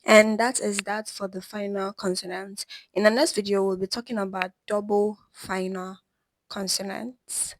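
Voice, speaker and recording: A woman teaching a pronunciation lesson, pausing to say each example word slowly and carefully. Her voice sits at an ordinary middle pitch. It is recorded close and dry, with no room sound around it. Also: level tone, no room sound, low-quality recording. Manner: slows down to sound out example words. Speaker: language teacher. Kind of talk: explanatory lesson.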